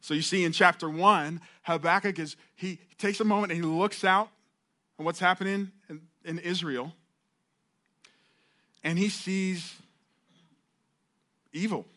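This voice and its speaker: A middle-aged man preaching in a relaxed, conversational way, his voice sitting a little high for a man. He often restarts his phrases. He voices the prayers of Bible figures with rising intensity. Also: unhurried, long pauses. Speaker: pastor. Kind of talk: sermon.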